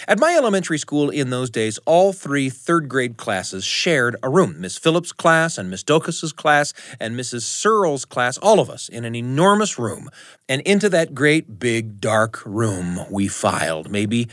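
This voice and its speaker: A man hosting a podcast, telling a personal story in an expressive, playful way. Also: medium pitch, unhurried, dry recording, clean studio sound.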